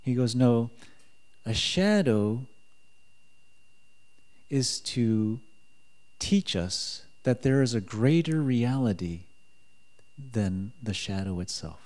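A man preaching a sermon in a relaxed, conversational way, joking and chuckling as he talks. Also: medium pitch, slow, long pauses.

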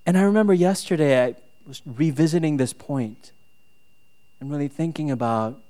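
A man's voice: a little high, moderate pace, mellow. A man preaching a sermon, telling a personal story with lots of "right?" and building to exasperated outbursts. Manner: frequent fillers and tag "right?". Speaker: pastor.

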